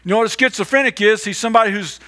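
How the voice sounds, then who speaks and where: A male pastor delivers a sermon in a high, bright, forceful voice. He talks emphatically, circling back on phrases and sometimes stumbling through restarts. The delivery sounds tense and forward. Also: racing. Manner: emphatic, repetitive, stammers on restarts.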